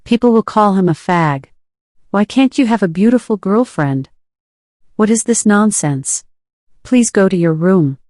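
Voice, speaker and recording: A woman voicing a possessive older sister who pleads and insists, read in her own lowish voice. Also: animated, measured pace, darkish tone, no room sound, clean studio sound, lightly acted. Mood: pleading. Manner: insistent, coaxing.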